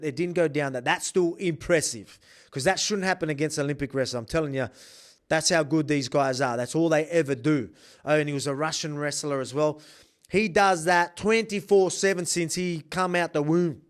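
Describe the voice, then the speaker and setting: Emphatic Australian fighter, slightly high voice. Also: male voice. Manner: emphatic and rambling, with many restarts. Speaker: professional fighter breaking down a bout. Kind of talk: casual fight analysis.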